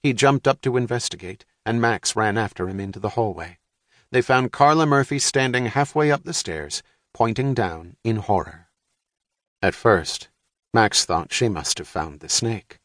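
A man narrating an audiobook for young readers in a measured, even storytelling manner. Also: on the low side, dry recording. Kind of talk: scripted narration. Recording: dry studio.

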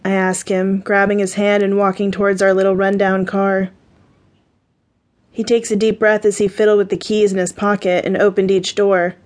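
A woman reading a first-person romance audiobook, her delivery steady and measured. Her voice sits at a middle pitch, plain and unforced, paced like scripted narration.

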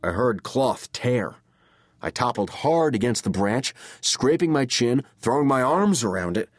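A man reading a first-person horror story as an audiobook narrator, measured and dramatic. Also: medium pitch, very animated, no echo, studio quality.

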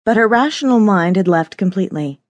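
A woman narrating a novel in a measured, expressive scripted reading. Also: mid-range voice, no echo, lo-fi sound. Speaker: audiobook narrator.

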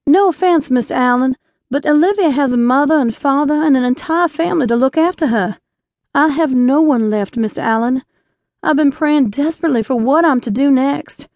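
A woman reading an audiobook, voicing an eager, impulsive young Southern woman in a slightly higher, earnest voice. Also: normal speed, darkish tone, no room sound, dull audio.

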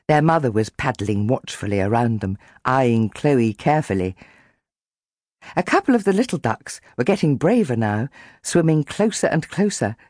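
A woman narrating a children's audiobook with lively, animated storytelling. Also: a bass voice, no room sound, clean studio sound.

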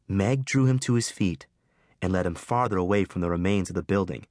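A man reading a children's adventure audiobook with expressive, scripted storytelling. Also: low-pitched, brisk, no room sound, studio quality. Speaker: audiobook narrator. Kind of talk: scripted narration.

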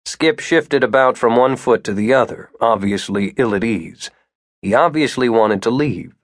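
A man reading an audiobook as narrator, with expressive storytelling. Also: lowish voice, measured pace, breathy edge, no room sound, studio quality. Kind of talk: scripted narration.

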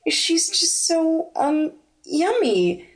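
Female narrator putting on a high, slow, purring flirt; audiobook character. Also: very animated, full character voice. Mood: coy.

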